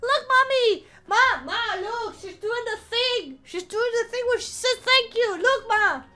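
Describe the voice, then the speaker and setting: A woman voicing an excited little child who keeps calling out to their mom for attention. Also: very high-pitched, a little slow, pitched above the performer's own voice, exaggerated voice. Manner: squealing, insistent, tugging for attention.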